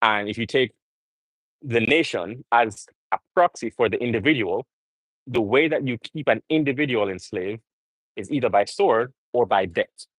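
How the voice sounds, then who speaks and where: A man's voice: medium pitch, expressive, moderate pace, a bit bright, dry recording, rough recording. A young man rambling earnestly to viewers as he livestreams during a gym workout. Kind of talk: casual live-stream chat.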